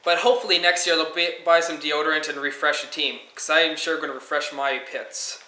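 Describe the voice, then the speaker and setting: A man's voice: a little high, steady tone, fairly quick, pushed and bright. Goofy teenage boy in an echoey room. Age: teens. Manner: silly, goofy bathroom humor. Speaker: co-host. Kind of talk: jokey hockey preview chat.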